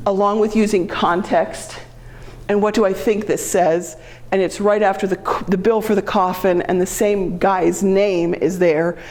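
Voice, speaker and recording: A woman's voice: medium pitch, darkish tone. A middle-aged woman giving a lecture to a genealogy class, explaining in a chatty way with frequent ums and self-corrections. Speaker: genealogy presenter.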